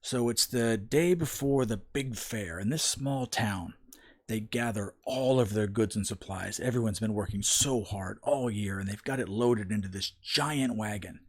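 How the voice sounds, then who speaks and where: A man's voice: on the low side, a little slow. A man giving opinion commentary, telling a parable in a folksy, emphatic storytelling manner.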